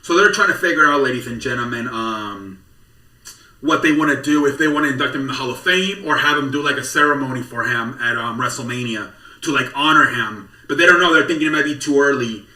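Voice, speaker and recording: A man's voice: medium pitch, a little fast, bright, forceful tone, echoey room, recorded from a distance. A man hosting a podcast, chatting casually and rambling through wrestling news with lots of swearing and disbelief. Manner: profane, rambling, incredulous. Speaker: podcast host.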